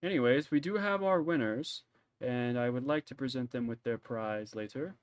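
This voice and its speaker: A man's voice: medium pitch, normal speed, no echo, highs cut off, lightly acted. A man voicing a pompous nobleman fumbling through a festival speech in a tabletop game, with a dry, close sound.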